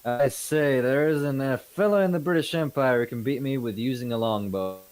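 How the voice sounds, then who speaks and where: A man's voice: mid-range voice, moderate pace, darkish tone, dry recording, lightly acted. A man playing a boastful British officer who brags about his skill with a longbow.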